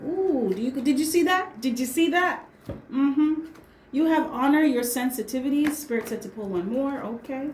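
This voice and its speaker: In a fairly high voice with a darkish tone, a woman gives a casual tarot reading, blunt, slangy, and quick to swear. She underlines points with "right?" or "okay?" The recording echoes off the walls and carries a little hiss or hum.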